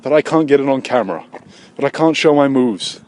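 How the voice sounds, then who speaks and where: A man vlogging on his own outdoors with a handheld camera. He rambles crudely and mocks himself, breaking into sudden silly shouted voices. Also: mid-range voice, lively intonation, brisk, a little hiss or hum. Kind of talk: rambling solo vlog.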